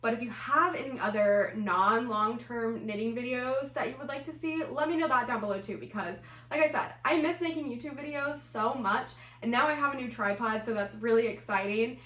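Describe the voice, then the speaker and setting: A woman's voice: a little high, brisk, hardly any pauses, fairly bright tone. A woman chatting to camera about her houseplants, talking casually with lots of fillers and sounding a bit winded. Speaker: plant and knitting vlogger. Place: home room. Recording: roomy echo, mic at a distance.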